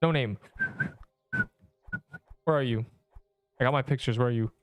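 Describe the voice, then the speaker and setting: Young man streaming a game, smooth voice. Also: mid-range voice, moderate pace, long pauses, dry recording. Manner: rambling, slangy, talks to chat while playing. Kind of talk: casual gaming livestream chat.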